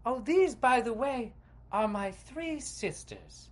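A man's voice: very high-pitched, animated, slow, pitched above the performer's own voice, heavily acted. A man voicing an alluring young woman who lures a guest home, sweet and inviting.

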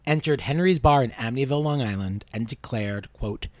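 Measured man telling a true-crime story. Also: darkish tone, no echo. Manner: measured, drops low for grim details. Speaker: podcast host.

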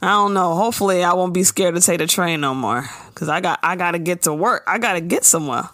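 A woman's voice: on the low side, animated, fast, fairly bright tone, no room sound. A woman co-hosting a casual chat show, steering the talk and recapping an episode in a chatty, laughing way. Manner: chatty, laughing, leads the segments. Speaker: podcast co-host.

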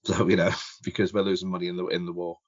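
Man, podcast co-host, lowish voice, slightly dull sound, stammering, dry wit. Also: little pitch movement, dry recording. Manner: halting, stammering, dry humour. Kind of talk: casual football podcast chat.

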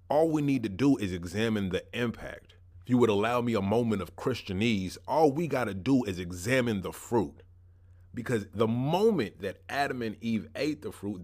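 A man with a somewhat low voice delivers a sermon in a conversational tone. He mixes casual slang into his teaching, slowing down to stress key ideas and speeding through asides. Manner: uneven pace, slowing for emphasis and rushing asides. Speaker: pastor.

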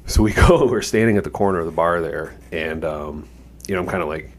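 A man's voice: low voice, a little fast. A man co-hosting a podcast, telling a rambling, profane anecdote in casual chat, full of "like" and "you know". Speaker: podcast co-host.

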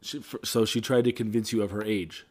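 A man's voice: on the low side, fairly even intonation, fairly quick, a little mellow. A man co-hosting a podcast in casual chat, chiming in with short replies and dry wisecracks. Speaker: podcast co-host.

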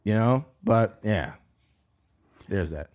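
A man co-hosting a casual podcast, animated and joking, dropping to low mutters. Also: takes it slowly. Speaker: podcast co-host.

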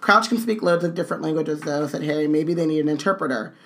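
A woman's voice: deep voice, fast talker. A woman co-hosting a casual read-along stream, reading book dialogue with playful jokes and asides.

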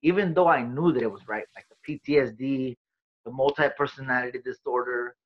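In a dull, lo-fi interview recording, a medium-pitched man speaks fairly quickly. He's a comedian recounting his life casually and profanely, with streetwise flair, performing the quoted lines as he goes.

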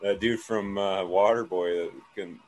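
A man's voice: low-pitched, fairly even intonation, unhurried, low-quality recording. A man chatting casually as a co-host, easygoing and agreeable. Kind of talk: casual chat.

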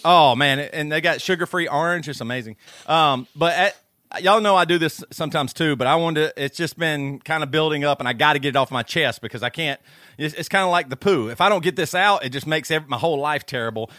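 High bright-voiced man ranting. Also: a little fast, dry recording, studio quality. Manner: animated storyteller, ranting and laughing. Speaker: podcast co-host. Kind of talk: casual chat. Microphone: studio microphone.

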